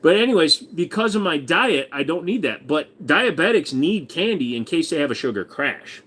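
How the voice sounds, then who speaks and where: A man's voice: fairly high pitch, big pitch swings, normal speed, fairly bright tone, breathy edge. A man hosting a casual livestream, rambling in a crude, profane, joking way. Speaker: livestream host.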